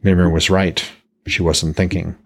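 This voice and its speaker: Male author-narrator for fantasy audiobook; deep husky voice, steady storytelling. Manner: measured, descriptive storytelling. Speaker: author reading his own novel.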